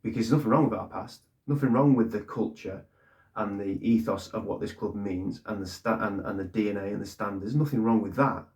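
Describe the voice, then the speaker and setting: A man's voice: on the low side, brisk, darkish tone. A man giving blunt, ranting fan commentary on his club, swearing and repeating points for emphasis. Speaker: fan channel host.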